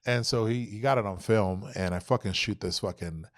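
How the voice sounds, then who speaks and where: A young adult man, a podcast guest, telling an animated, profane story and acting out quoted dialogue. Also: on the low side, fairly quick, dry recording. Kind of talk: casual storytelling.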